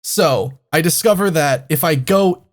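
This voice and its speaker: A man's voice: on the high side, a little slow. A man co-hosting a comedy podcast, telling a travel story in a rambling, profane, exasperated way. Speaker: podcast co-host.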